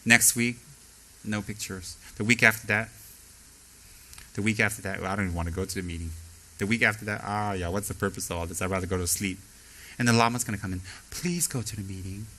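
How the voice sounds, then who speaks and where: A man giving a Buddhist teaching as a sermon, animated and acting out voices. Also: lowish voice, quick pace, long pauses.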